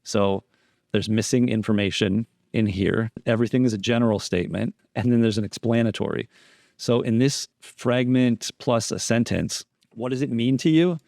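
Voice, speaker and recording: A man's voice: medium pitch, normal speed, vocal fry, darkish tone, no room sound, studio quality. A man instructing on deception analysis, explaining interrogation footage in a methodical way and repeating key phrases for emphasis.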